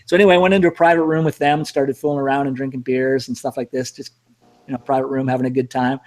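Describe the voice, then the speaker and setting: Fast-talking middle-aged male storyteller, casual and rambling, cursing now and then. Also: medium pitch, flat delivery, darkish tone. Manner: rambling, self-mocking, cursing. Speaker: storyteller host.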